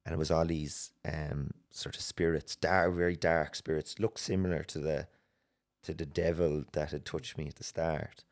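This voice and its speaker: An Irish man telling a personal story as a podcast guest, earnest and halting, with many restarts. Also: a bass voice, fairly even intonation. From Ireland.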